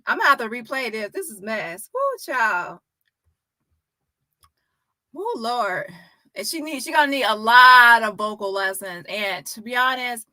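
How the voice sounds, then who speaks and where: A woman giving casual reaction commentary, animated and exclaiming with frequent laughter. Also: a little high, no room sound.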